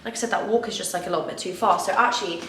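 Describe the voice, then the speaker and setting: A woman's voice: mid-range voice, very fast, a bit bright, slight background noise. Chatty young woman in an echoey room. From England. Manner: chatty, lots of "like" fillers, candid. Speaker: lifestyle vlogger. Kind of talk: casual confessional vlog. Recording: echoey room, faint ambience.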